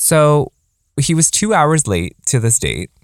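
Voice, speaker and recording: A man's voice: fairly high pitch, unhurried, dry recording. Young guy on a podcast, chatty, lots of likes, dead dry room. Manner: animated, quoting people in a raised voice. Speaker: podcast co-host. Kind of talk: casual storytelling chat.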